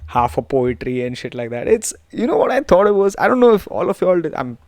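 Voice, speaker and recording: A man's voice: a little high, very animated, a little fast, a little mellow, no room sound, clean studio sound. A young man with an Indian English accent, telling a profane, rambling story as a podcast host and slipping into Hindi and Gujarati. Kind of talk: casual storytelling monologue.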